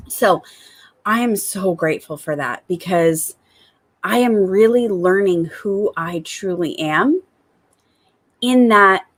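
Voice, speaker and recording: A woman talking to her viewers in an upbeat, enthusiastic gratitude vlog, returning again and again to the same warm phrases. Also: medium pitch. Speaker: spiritual coach.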